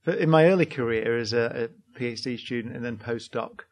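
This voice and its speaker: A man who is a scientist, giving measured, reflective answers as a podcast interview guest. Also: medium pitch.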